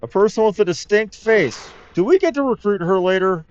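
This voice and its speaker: A man's voice: high-pitched, animated, brisk. Wry man chatting over game play. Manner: chatty, wry, rambling asides. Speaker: let's play host. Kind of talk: casual gameplay commentary. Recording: dull lo-fi mic with game music.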